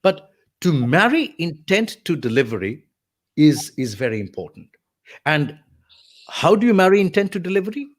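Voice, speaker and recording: Fairly high-pitched and very animated, a male voice artist talks at a normal speed while being interviewed. Teacher-like, he breaks down voice technique and performs sample lines to illustrate.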